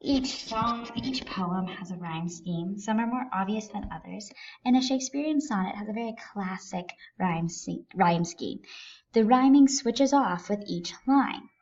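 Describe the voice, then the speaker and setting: A woman's voice: medium pitch, measured pace, a little mellow, highs cut off. A woman teaching a recorded lesson, explaining things step by step in a patient way.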